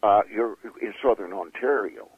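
Author guest, male, husky lowish voice, hesitant with lots of ums, heard over a tinny phone line. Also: dry recording. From Canada. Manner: halting, many fillers and restarts. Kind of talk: interview conversation.

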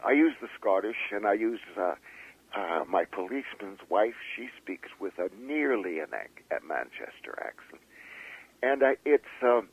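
Author guest, male, husky lowish voice, hesitant with lots of ums, heard over a tinny phone line. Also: big pitch swings. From Canada. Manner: halting, many fillers and restarts. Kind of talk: interview conversation.

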